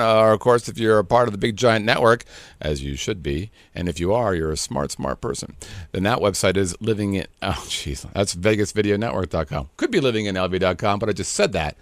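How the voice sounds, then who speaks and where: A man's voice: lowish voice, a bit bright, dry recording. A middle-aged man co-hosting a podcast, rambling and joking in casual chat. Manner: rambling, jokey, playful voices. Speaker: podcast co-host.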